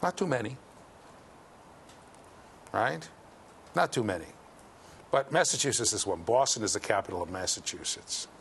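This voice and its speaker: A man giving a university lecture, lively and joking as he quizzes his students. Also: fairly low pitch, normal speed, gravelly, long pauses, slight background noise. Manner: lively, jokey, quizzes the class. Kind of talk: classroom lecture. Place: lecture hall.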